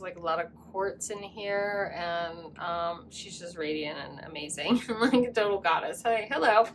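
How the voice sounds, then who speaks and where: A woman's voice: lowish voice, unhurried, hardly any pauses, background noise. A woman giving a casual pick-a-card tarot reading, effusive and rambling, with many fillers. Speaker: tarot reader.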